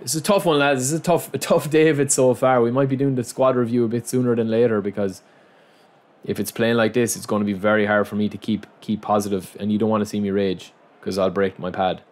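A young man giving running commentary over his own football video game, muttering to himself and breaking into loud outbursts of frustration. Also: on the low side, fairly even intonation, fairly quick. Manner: frustrated, muttering self-talk that bursts into loud outcries at the game. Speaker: gaming channel host.

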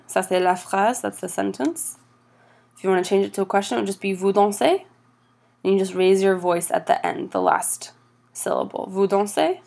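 A woman teaching French grammar over slides, patient and steady, slowing down for each example phrase. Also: medium pitch, gravelly.

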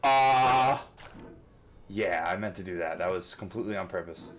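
A man commentating a rage-inducing game, swearing constantly and switching between frustrated outbursts and coaching himself to calm down. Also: sits low, fast talker, background noise. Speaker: gamer. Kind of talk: let's play commentary.

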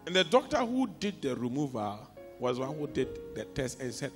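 A man preaching a sermon as a pastor, telling stories and swinging from quiet asides to shouts. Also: mid-range voice, very animated, fairly quick. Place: church hall. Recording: long hall reverb with faint music.

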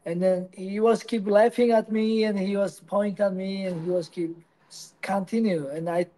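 Interviewee, man, English speaker, halting delivery, high and mellow. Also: steady tone, rough recording. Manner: halting, non-native English with many restarts. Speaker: interviewee, professional fighter. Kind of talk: casual interview answers.

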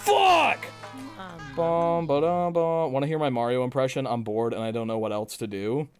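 A young man streaming a video game live, chattering crudely, reading chat aloud and bursting into loud shouts. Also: medium pitch, fairly even intonation, a little fast, clean tone, dry recording, soft background music. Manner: reads chat aloud and jokes with viewers.

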